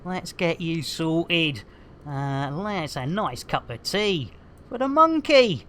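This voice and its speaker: A woman's voice: fairly low pitch, very animated, takes it slowly, a bit bright, a little hiss or hum. A woman streaming a game, bantering with her chat in a jokey, bubbly way, full of silly rhyming catchphrases and cheeky innuendo.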